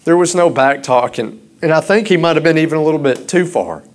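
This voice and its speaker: A man preaching a sermon, starting out halting and rambling, then growing louder and impassioned. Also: on the high side, lively intonation.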